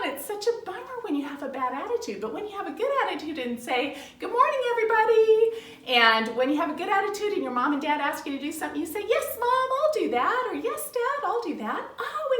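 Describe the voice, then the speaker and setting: A middle-aged woman gives a bright, sing-song lesson to young children, acting out little family scenes as she goes. Her voice sits high, and the recording sounds roomy and a bit off the mic. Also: fast, hardly any pauses. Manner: animated, sing-song, acts out family dialogue. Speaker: children's ministry teacher. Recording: roomy, from some distance off the mic.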